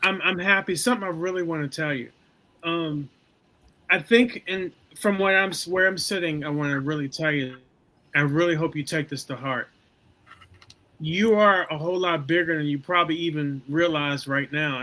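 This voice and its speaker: An earnest man hosting a podcast, encouraging his guest and repeating himself as he talks. His voice sits a little high and sounds bright and tense. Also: normal speed, rough recording. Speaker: podcast host. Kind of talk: casual interview talk.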